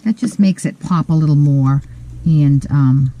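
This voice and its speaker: Slow, mellow-voiced woman demonstrating a craft. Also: sits low, poor audio. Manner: relaxed, methodical, frequent "um" pauses. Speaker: card-making tutorial host.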